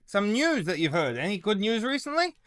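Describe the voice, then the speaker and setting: A man voicing a kindly, revered elderly rabbi who speaks gently and invites his guest to talk. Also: sits high, sing-song, fairly quick. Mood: gentle.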